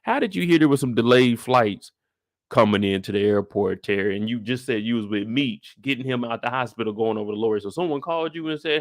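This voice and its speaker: A mid-pitched man with hosts an episode breakdown in a lively, animated way. He slips in and out of quick impressions of the characters as he talks. The sound is close and dry, with no room around it. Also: no echo. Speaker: show recap host.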